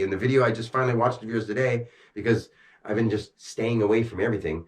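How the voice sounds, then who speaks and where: A man talking intensely to a camera, amped up and agitated, swearing and swinging between rushed bursts and slow, heavy emphasis. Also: medium pitch, steady tone. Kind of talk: rambling talk to camera.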